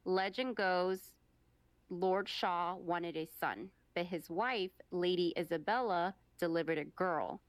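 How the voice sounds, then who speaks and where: A woman's voice: fairly low pitch, slow pace, dry recording. A young woman co-hosting a podcast, chatting playfully and reading out her research. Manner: giggly, playful, reads research notes. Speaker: podcast co-host. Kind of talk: casual chat and storytelling.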